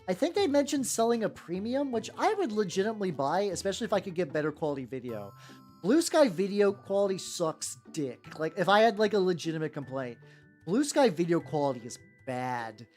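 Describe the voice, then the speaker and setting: A woman hosting a casual live stream while painting miniatures, rambling and swearing freely, with soft music behind her. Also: big pitch swings. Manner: rambling, swears casually, quick pitch jumps when quoting people. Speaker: vtuber host painting miniatures. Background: soft background music.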